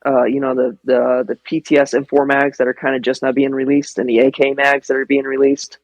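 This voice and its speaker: A man talks casually as a podcast guest, spinning animated anecdotes and swearing without a second thought. His delivery is loose and conversational, broken up by frequent laughter. The recording is dry and close. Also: medium pitch, brisk, dry recording, rough recording. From American Midwest. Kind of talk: casual storytelling chat.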